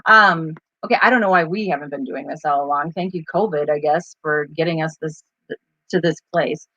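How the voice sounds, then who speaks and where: A woman's voice: low-pitched, a little fast, pushed and bright, dry recording, dull audio. A woman co-hosting a live stream, telling stories in a rambling, chatty way full of fillers. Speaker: co-host of a live advocacy stream. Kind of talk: casual live-stream chat.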